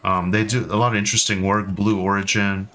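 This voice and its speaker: Brisk, pushed and bright, this lowish male voice barely moves in pitch. An American man in his thirties, he rambles casually to his stream audience with plenty of ums and restarts.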